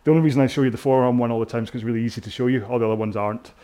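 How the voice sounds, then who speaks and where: Rambling, self-mocking British rowing coach. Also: male voice, medium pitch, fairly even intonation, racing, mellow. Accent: British English. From Britain. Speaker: rowing instructor. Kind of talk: casual talk over a row-along workout.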